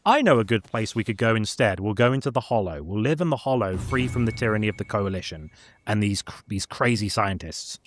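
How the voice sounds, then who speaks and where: A man voicing a defiant woman who leads a horde of monsters, speaking slowly in his own lowered voice while retelling game lore. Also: expressive. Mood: resolute.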